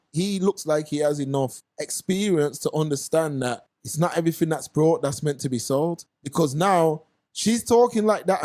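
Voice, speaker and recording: A man co-hosting a casual podcast chat, telling stories in slang and acting out the people in them. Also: fairly high pitch. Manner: animated storytelling, slangy, acts out quoted voices. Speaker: podcast co-host.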